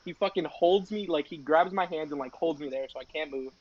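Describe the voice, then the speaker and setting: Teen guy, high voice, lo-fi mic, heated rant storyteller. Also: brisk. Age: teens. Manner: storytelling, swearing often, heated and ranting. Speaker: podcast co-host. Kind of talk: casual chat. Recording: dull lo-fi sound.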